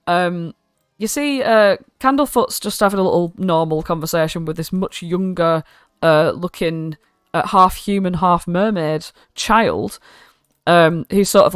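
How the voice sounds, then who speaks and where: A woman with a British accent, narrating as dungeon master, casual and sweary, doing quick voices for the characters. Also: low voice, smooth, no room sound, studio quality. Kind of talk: narrating a tabletop game.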